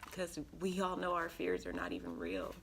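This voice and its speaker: A woman giving an earnest, emotional spiritual card reading to her viewers, pausing often with ums. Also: on the low side, very animated, creaky, slight background noise. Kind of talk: tarot reading monologue.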